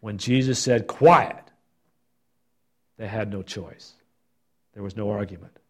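A man's voice: lowish voice, moderate pace. Man teaching a Bible study. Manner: expressive, reflective reading of scripture.

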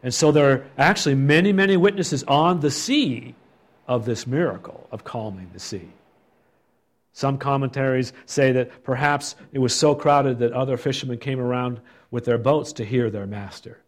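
A man with an ordinary, medium-pitched voice teaches a Bible study, reading scripture expressively and pausing to reflect on it.

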